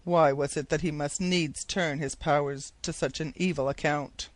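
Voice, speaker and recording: Dude reading as a lordly captain type, firm and earnest, slightly high voice, dry sound. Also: male voice, fairly even intonation, moderate pace, no room sound, lightly acted. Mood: regretful. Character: commanding male nobleman, earnest leader.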